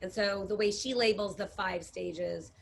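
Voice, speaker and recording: A woman relationship coach co-hosting a casual chat, animated and quick to laugh. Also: mid-range voice, creaky. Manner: animated, laughs often, acts out clients' voices. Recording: faint background noise.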